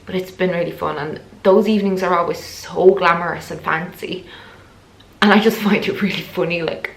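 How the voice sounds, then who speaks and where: A woman's voice: lowish voice, low-quality recording. A woman in her thirties vlogging casually on a road trip, chatty and laughing often at herself. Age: 30s. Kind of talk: casual vlog chat. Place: in a car on a rainy road trip.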